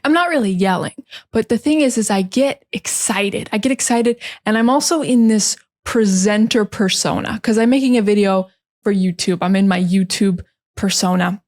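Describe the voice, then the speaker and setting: A young woman with a standard American accent, talking calmly and close to the mic as an English teacher in a relaxed podcast style. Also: mid-range voice, moderate pace. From United States. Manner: calm, close to the mic, chatty with fillers. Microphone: close microphone.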